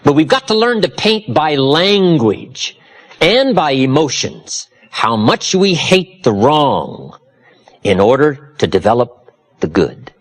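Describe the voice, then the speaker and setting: Husky man giving a lively seminar talk. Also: slow pace. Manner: preacherly, dramatic swings from low confiding to loud emphatic. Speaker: motivational speaker.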